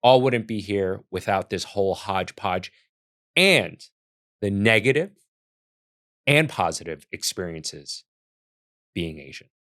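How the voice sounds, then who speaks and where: Earnest, rambling low-voiced man. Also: lively intonation, takes it slowly, long pauses, fairly bright tone. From United States. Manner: earnest, rambling, frequent restarts. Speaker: chef and reaction host. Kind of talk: casual reaction commentary.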